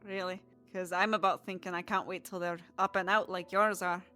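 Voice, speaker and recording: A woman's voice: lowish voice, little pitch movement, fairly quick, sharp tone, faint music behind. A woman voicing a casual, joking male friend in a tavern, a father of small children.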